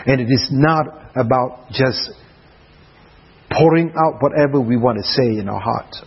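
Slow husky male preacher. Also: medium pitch, lo-fi sound. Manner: dramatic, drops to soft hushed passages. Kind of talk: sermon at a prayer retreat.

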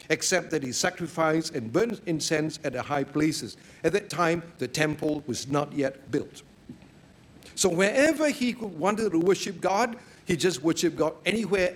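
A man preaching a sermon, telling stories in a lively way and breaking into sudden loud exclamations. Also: fairly high pitch.

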